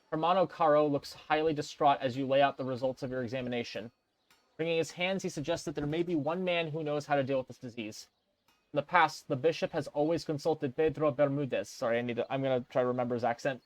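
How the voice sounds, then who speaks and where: A man's voice: on the high side, fast talker, dry recording. Man, let's play commentator, casual, reads game text, dry recording. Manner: reads game text aloud, thinking aloud with fillers.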